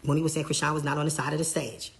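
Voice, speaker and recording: Brief: tour manager, mid-pitched voice, lively casual retelling, slips into quoting others. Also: very fast, gravelly. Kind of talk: casual storytelling.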